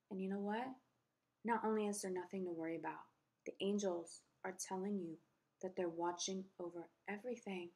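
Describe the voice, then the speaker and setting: A woman's voice: medium pitch, steady tone, moderate pace. A woman giving a tarot reading to the camera, spiritual and effusive, speaking straight to the viewer with emphasis. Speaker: tarot reader.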